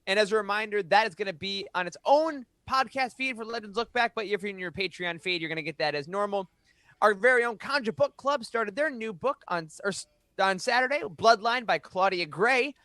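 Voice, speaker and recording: High-voiced man announcing podcast news. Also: pushed and bright, no echo. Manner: upbeat, reads updates. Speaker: podcast host.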